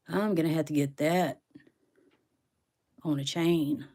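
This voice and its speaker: A woman hosts a casual livestream from her bedroom, unboxing rocks and talking to her phone on a stand. Her voice is low, steady, slow and a little mellow, and she sniffles from sneezing as she chats and answers viewers by name.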